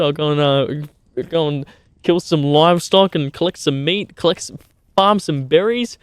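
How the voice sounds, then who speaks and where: A man's voice: fairly high pitch, moderate pace, clean tone, no echo. A young Australian man chatting with his livestream viewers outdoors by a campfire. He is laid-back and matey, swears a lot and calls people mate. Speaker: streamer. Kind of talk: casual livestream chat with viewers.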